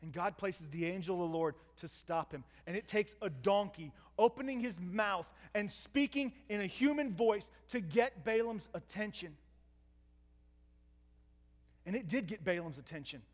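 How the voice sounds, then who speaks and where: A man's voice: sits high, moderate pace, hardly any pauses. A man preaching a storytelling sermon, retelling a scripture story dramatically with asides to his listeners. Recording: long hall reverb.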